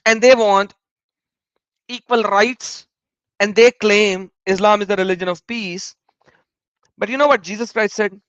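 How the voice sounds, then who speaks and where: A man's voice: sits high, unhurried, long pauses, fairly bright tone, dry recording, dull audio. A man giving emphatic, repetitive, indignant commentary on a video blog while reading out search results. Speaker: vlogger.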